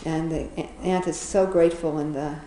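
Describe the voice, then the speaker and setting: A woman's voice: deep voice, fairly even intonation, moderate pace, dark tone, echoey room, poor audio. A woman casually retelling a children's fable, chatty, often laughing, with many fillers and restarts. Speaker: storyteller.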